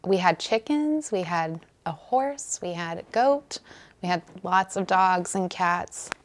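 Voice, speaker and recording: A middle-aged woman from Southern California, talking softly and reflectively as a guest, often pausing with ums. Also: lowish voice, expressive. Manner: soft-spoken, reflective, hesitant with many ums. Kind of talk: candid personal conversation.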